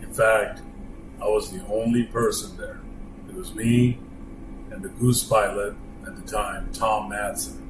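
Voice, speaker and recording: Man, low register, halting plainspoken storyteller; echoey room with loud air-conditioning hum. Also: fairly even intonation. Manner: plainspoken, halting with frequent pauses. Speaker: longtime company employee sharing stories. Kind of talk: casual storytelling.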